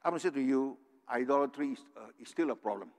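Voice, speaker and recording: Older preacher in a reverberant hall. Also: male voice, mid-range voice, fast talker. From Singapore. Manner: earnest, tags points with "right?". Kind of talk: sermon.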